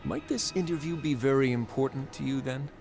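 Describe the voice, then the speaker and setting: An actor playing a composed, dryly teasing male fortress warden in a video game, speaking in a measured way. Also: mid-range voice, over music, natural voice.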